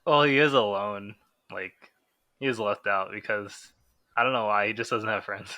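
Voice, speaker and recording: A man's voice: lowish voice, fairly even intonation, moderate pace, pushed and bright, no room sound. A man co-hosting a casual manga chat, laid-back and given to short remarks. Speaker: podcast co-host.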